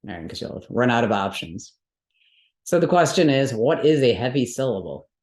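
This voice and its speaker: A woman's voice: extremely low pitch, sing-song, normal speed, darkish tone. A woman teaching a Sanskrit mantra workshop, explaining rules step by step and often checking in with her students. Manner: patient step-by-step explaining, frequent check-ins with the class. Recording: roomy echoey room.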